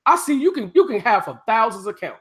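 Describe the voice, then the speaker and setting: A man's voice: high voice, sing-song, fairly quick, fairly bright tone. A man on a casual live stream, ranting profanely and taunting a viewer.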